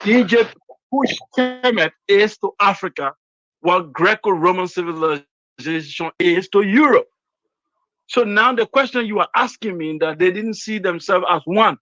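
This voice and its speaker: A man calmly making his case in an online debate, answering point by point. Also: high-pitched, unhurried, no echo. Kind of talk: debate argument. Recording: dull dry call audio.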